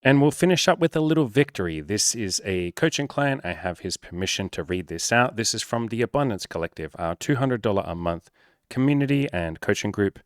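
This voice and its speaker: A man giving blunt, profane, energetic dating-coach advice in a casual talk straight to the camera. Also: fairly low pitch, brisk, no echo, studio quality.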